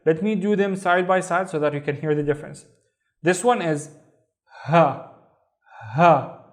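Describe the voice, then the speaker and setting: Teaching a language lesson online, a man with a high voice and a Saudi Arabic accent goes slowly and carefully, repeating every word to model how it's pronounced.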